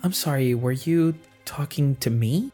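A man's voice: medium pitch, unhurried, dark tone, voice pushed up, close to an everyday voice. A fussy, flustered female elf, voiced by a man who stammers and apologizes and leans into raised, fluttery tones. Faint music sits behind her. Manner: stammering, fussy, nervously polite.

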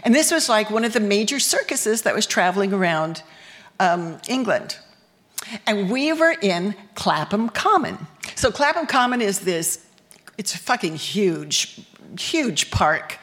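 A woman's voice: medium pitch, very animated, measured pace, fairly bright tone. A woman from the United States telling a bawdy personal story on stage, candid and laughing as she goes. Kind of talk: live storytelling performance.

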